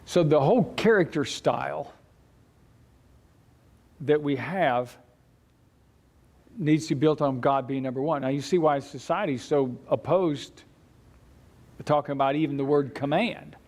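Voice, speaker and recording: A man teaching a church Bible class in a conversational way, with halting restarts and light chuckles. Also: a little high, a little mellow.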